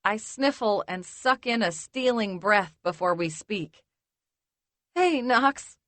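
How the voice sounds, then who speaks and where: A woman narrating a first-person romance audiobook in a measured, intimate way. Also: mid-range voice, a bit bright, no room sound.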